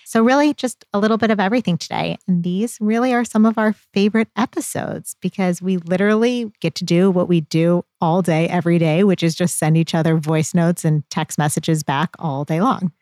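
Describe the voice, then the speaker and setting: Upbeat woman in her 30s hosting a chatty podcast, kinda low voice, dry mic. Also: a little fast, hardly any pauses, dry recording. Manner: upbeat, animated, self-deprecating. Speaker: podcast co-host. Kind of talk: casual chat.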